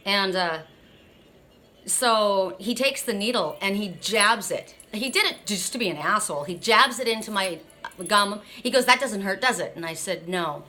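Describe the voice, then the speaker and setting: A woman's voice: medium pitch, animated, a little slow, sharp tone. A middle-aged woman in a casual vlog, blunt and swearing as she vents with a numb mouth after dental surgery. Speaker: oracle card reader.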